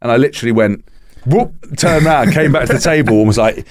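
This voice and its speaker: On a podcast, a man drops in as a guest and tells anecdotes in casual chat, talking fast at a medium pitch. He's an animated storyteller who swears freely and acts out the quotes. The recording is dry, with clean studio sound.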